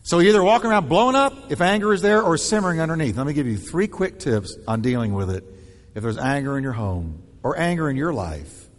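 A male pastor delivering a sermon in an animated, punchy style, hammering home short repeated phrases. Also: on the high side, fairly quick, long reverb tail.

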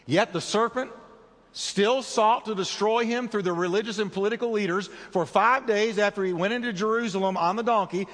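Male pastor, animated sermon delivery, slightly high voice, long hall reverb. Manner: dramatic preaching with big swings in pitch and slowed emphasis.

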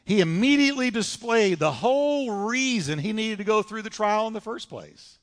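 A man's voice: high-pitched, expressive, normal speed. A man preaching a sermon in a church, dramatic and emphatic, retelling scripture stories. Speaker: pastor. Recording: long church hall reverb.

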